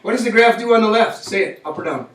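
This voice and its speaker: Expressive and quick-paced, a man with a high-sitting voice leads a math class, prompting students along with constant check-in questions. The lecture echoes around the classroom, picked up by a distant mic.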